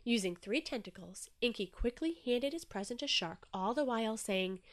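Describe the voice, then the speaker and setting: A woman narrating a children's storybook with a gentle, expressive reading. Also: mid-range voice, normal speed, few pauses.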